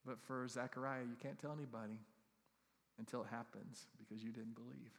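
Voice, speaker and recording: A middle-aged man preaching a sermon as a pastor, with animated, humorous storytelling and asides to the congregation. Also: medium pitch, brisk, gravelly. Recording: long hall reverb.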